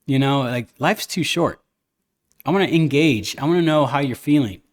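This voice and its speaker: A man's voice: mid-range voice, moderate pace. A man hosting a podcast, telling stories and opinions in a candid, rambling casual chat. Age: adult, a father. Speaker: podcast host.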